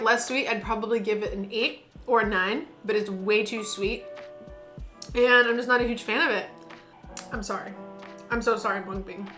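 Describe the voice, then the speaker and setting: A woman's voice: on the high side, sharp tone. A young woman from the United States, gushing playfully while taste-testing in a casual vlog. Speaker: food vlogger.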